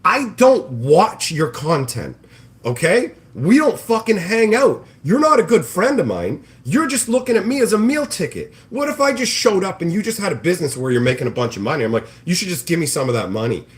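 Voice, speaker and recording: Cooking bacon in his home kitchen, a male livestream host rants sarcastically and profanely, mocking people in put-on voices. His voice sits high with big pitch swings at a normal speed.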